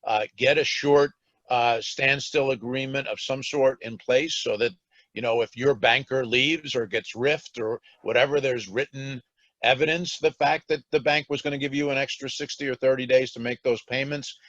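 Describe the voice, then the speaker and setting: A man's voice: mid-range voice, fairly even intonation, moderate pace, fairly bright tone, no echo, highs cut off. A man on a banking panel, speaking cautiously and qualifying his points with many fillers, heard over a remote-call connection. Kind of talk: panel discussion on a video call.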